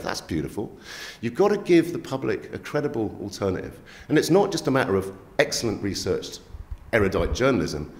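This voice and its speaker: In an echoey room, a man with a fairly low voice, a magazine editor, recounts stories during a lively interview. His manner is emphatic and streetwise, peppered with "yeah?" and "right?" to check his listener is following.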